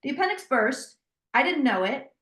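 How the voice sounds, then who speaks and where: High-voiced woman telling a story. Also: moderate pace. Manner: animated, quotes herself in dialogue. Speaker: guest, psychic tarot reader. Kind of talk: storytelling in a casual interview. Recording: roomy echo.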